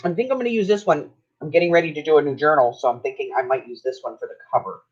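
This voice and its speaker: A woman's voice: sits low, racing, darkish tone, slightly rough. A middle-aged woman, chatting casually while crafting on a livestream, teasing and laughing often. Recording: dull lo-fi stream audio.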